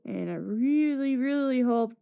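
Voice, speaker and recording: A woman's voice: high-pitched, lively intonation, a little slow, gravelly, clear, resonant tone. A woman streamer telling a casual story, acting out what people said with laughs between lines. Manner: acts out quotes with laughs. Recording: dull lo-fi stream audio.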